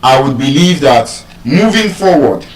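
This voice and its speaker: A Nigerian man teaching English word stress to a live audience, animated and quizzing the crowd with questions. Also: medium pitch, a little slow. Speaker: public speaker teaching pronunciation. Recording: echoey hall, voice from far off.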